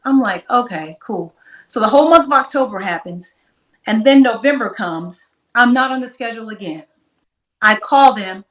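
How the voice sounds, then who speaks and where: Animated woman in a roomy interview. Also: fairly high pitch, moderate pace, recorded from a distance. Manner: animated, acts out quoted dialogue. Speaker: guest. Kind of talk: candid interview storytelling.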